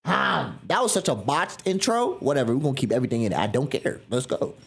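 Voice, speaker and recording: A woman's voice: very deep voice, big pitch swings, fast, gravelly. A woman streamer chatting casually and with lots of slang while she reacts live, scolding her dog between remarks. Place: home room.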